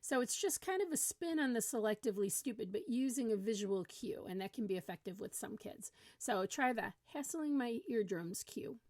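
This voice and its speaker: A middle-aged woman giving an earnest instructional parenting talk to camera, with animated acted-out examples. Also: on the high side, normal speed, few pauses, dry recording, clean studio sound. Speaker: parenting coach.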